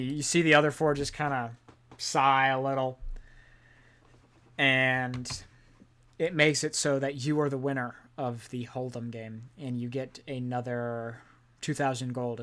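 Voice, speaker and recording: A man running a tabletop game as game master, playful and quick to laugh, who also voices a smooth demon casino owner. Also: medium pitch, level tone, fairly bright tone.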